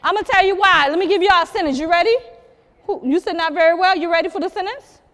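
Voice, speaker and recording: Her pitch extremely high and her pace fast, a South Carolina storyteller entertains a live audience in a museum program room. She teases the listeners and addresses them directly in a lively way, while a long reverb tail trails her words.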